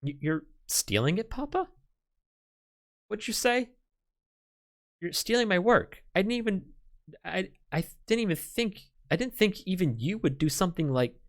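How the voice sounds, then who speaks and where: A man's voice: high-pitched, lively intonation, measured pace, pauses often, voice pushed up. A man voicing a timid young woman scientist who stammers and pleads with her father, in a visual novel read aloud. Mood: distraught.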